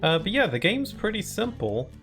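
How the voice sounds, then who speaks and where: A man's voice: high-pitched, big pitch swings, normal speed, a bit bright, faint music behind. A young man from Britain with a somewhat posh British accent, chatting casually and rambling while streaming a video game. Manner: rambling, chatty, frequent fillers and laughs. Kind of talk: casual live-stream chat over gameplay.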